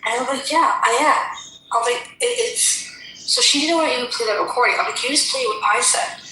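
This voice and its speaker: A woman telling an angry story in heated casual chat, fast and indignant, swearing often. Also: a little high, pushed and bright. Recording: echoey room with faint noise.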